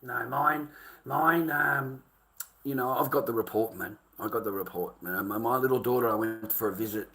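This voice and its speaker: A man's voice: medium pitch, moderate pace, pushed and bright. A middle-aged Australian man ranting to his livestream chat, swearing constantly and calling viewers mate and boys.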